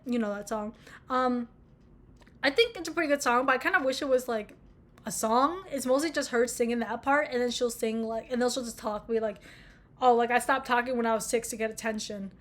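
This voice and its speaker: Her voice is a little high and fairly bright, and she talks fairly quickly. This American vlogger, a young adult in her twenties, rambles through a casual conversation about music, profane and self-mocking.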